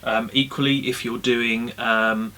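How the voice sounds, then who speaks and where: A man giving casual puppetry tips in a relaxed, friendly way with many ums, recorded indoors on a camera-mounted mic. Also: medium pitch, unhurried. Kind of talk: casual instructional talk.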